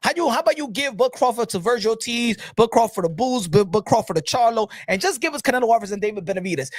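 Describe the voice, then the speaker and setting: A man giving opinionated boxing commentary. He talks in heated, profane bursts, repeats words, and rises to shouting. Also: extremely high pitch, big pitch swings, fast, no room sound, clean studio sound.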